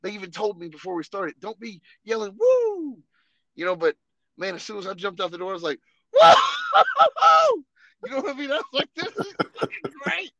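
A man co-hosting a podcast, telling animated, profane, laughing war stories in casual chat. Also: high voice, racing, dull audio. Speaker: podcast co-host.

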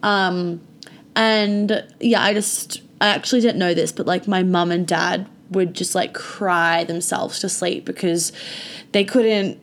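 A woman's voice: lowish voice, steady tone, slow pace. Chatty young woman, swearing freely. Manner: chatty, full of "like" and frequent swearing. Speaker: vlogger. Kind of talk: casual storytime monologue.

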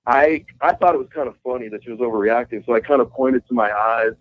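A man's voice: medium pitch, fast, no room sound. A man, a guitarist calling in as a guest, telling a story in a rambling casual way, swearing freely and laughing along. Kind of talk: casual storytelling over the phone. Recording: muffled call-in phone line.

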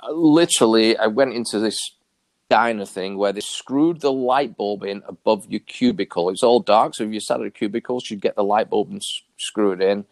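A man telling a personal story as an interview guest in casual talk, acting out quoted dialogue with sudden high jumps in his voice. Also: moderate pace, no room sound. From New York area. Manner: animated, acts out quoted dialogue with big pitch jumps.

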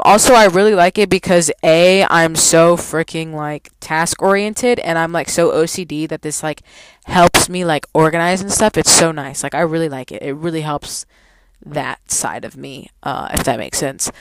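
A young woman vents in a casual storytime rant, heavy on swearing and exasperation. Her voice is smooth and clean, recorded close and dry with no room sound. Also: low voice, dry recording, low-quality recording. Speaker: vlogger.

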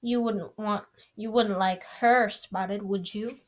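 A woman's voice: mid-range voice, steady tone, takes it slowly, natural voice. A woman voicing an arrogant teenage boy wizard who taunts in a drawling way. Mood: sneering.

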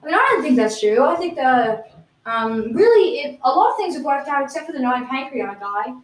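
A fake British guest on an improvised comedy podcast, played by a woman, with no real accent and a rambling, deadpan manner. The voice sits fairly high. It sounds distant from the mic in a roomy space. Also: brisk. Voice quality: plain American-sounding voice. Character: self-proclaimed British guest, not convincing.

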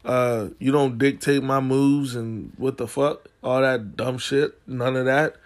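The podcast host here talks a little slowly, his medium-pitched voice fairly even in intonation. His story is casual, slangy, and profane, and it turns heated and loud when he relives arguments.

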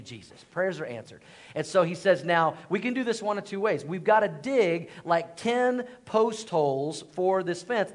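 Male pastor with a high voice preaching, animated and self-mocking, prompting call-and-response. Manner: animated storytelling with self-deprecating humor; calls for congregation responses. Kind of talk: sermon.

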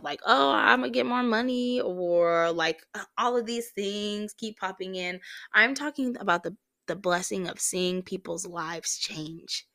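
A woman's voice: lowish voice, a bit bright. A woman hosting a podcast, telling a personal faith story in a heartfelt way, close to tears at times. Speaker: podcast host.

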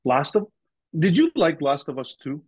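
A man's voice: fairly high pitch, big pitch swings, moderate pace, slightly rough, no room sound, lo-fi sound. A man as a podcast guest on a video call, talking earnestly and thoughtfully in a casual, somewhat rambling way. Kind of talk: casual chat.

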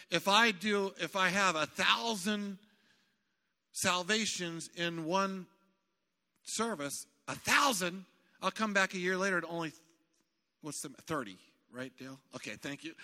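A male pastor preaching a sermon in a church, animated and emphatic, building to shouts. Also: high voice. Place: church sanctuary. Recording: long hall reverb.

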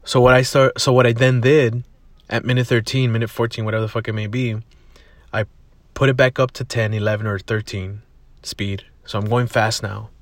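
A man's voice: mid-range voice, fairly even intonation, moderate pace, no echo. A young man hosting a casual solo podcast, rambling and swearing freely as he tells a story, recorded in a parked car. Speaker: podcast host.

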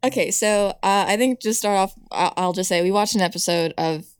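A woman's voice: medium pitch, brisk, clear, resonant tone, no room sound, clean studio sound. A woman co-hosting a podcast, chatting casually about an old TV show, laughing often and restarting her sentences. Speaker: podcast co-host. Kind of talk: casual chat reviewing old TV.

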